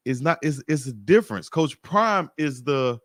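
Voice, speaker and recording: A man's voice: medium pitch, animated, normal speed, no room sound, studio quality. A man hosting a heated sports debate, pressing his point in slangy talk and calling his co-host "dog". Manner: insistent, slangy, repeats "dog".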